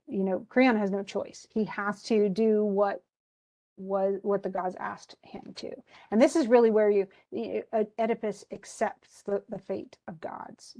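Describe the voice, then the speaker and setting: A woman's voice: medium pitch, mellow. A woman teacher casually retelling a tragedy for her class in a chatty way, with many restarts. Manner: chatty, restarts often, wistful about the tragedy. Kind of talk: casual lecture retelling a play.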